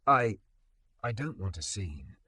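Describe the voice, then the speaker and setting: A man voicing a frightened young waitress who speaks in a shaky, halting way. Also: on the low side, very animated, bright, forceful tone, slightly rough, dry recording, heavily acted.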